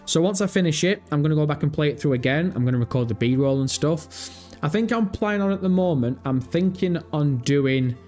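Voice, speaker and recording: A man's voice: a little high, expressive, a little fast, a little mellow, soft background music. A man hosting a casual live stream, talking animatedly, thinking aloud and swearing freely.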